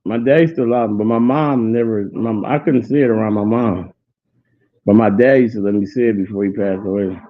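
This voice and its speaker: A man's voice: lowish voice, brisk. A man hosting a show, telling a childhood story in a rambling, repetitive way and laughing hard. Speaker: show host. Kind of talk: casual storytelling chat. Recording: tinny phone-like sound.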